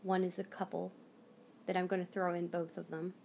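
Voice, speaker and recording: A woman's voice: on the low side, level tone, brisk, creaky, darkish tone, slight background noise. An American woman hosting her own channel, telling a heartfelt story casually to camera with many restarts. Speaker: channel host, reborn doll collector.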